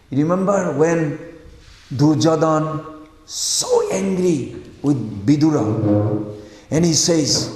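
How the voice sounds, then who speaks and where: A man preaching at a devotional scripture class, questioning the audience and acting out quoted voices with sudden loud outbursts, in non-native English. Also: a little high, lively intonation, unhurried. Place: class room. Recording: roomy hall with long echo.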